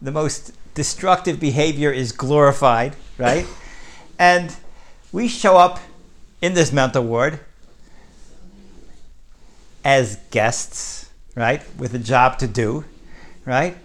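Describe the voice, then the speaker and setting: A man's voice: medium pitch, slow pace, long pauses. A man teaching a Torah class, telling a story and pressing points with frequent "right?". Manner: animated, rising with emphasis, frequent "right?".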